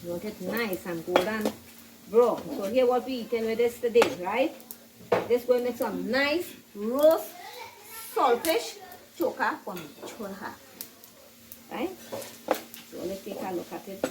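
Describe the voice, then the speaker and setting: A woman's voice: fairly high pitch, lively intonation, unhurried, long pauses. A woman demonstrates her home cooking in a casual, chatty way, tagging "right?" onto her sentences and calling herself by name. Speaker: home cook vlogger. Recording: distant mic, loud frying noise. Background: sizzling frying food.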